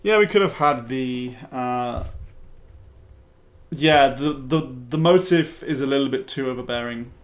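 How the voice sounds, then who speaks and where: A game developer live-streams casual commentary on a mod he helped make, rambling offhandedly and letting the occasional swear word slip. He speaks unhurriedly in a mid-range voice, with faint game music in the background.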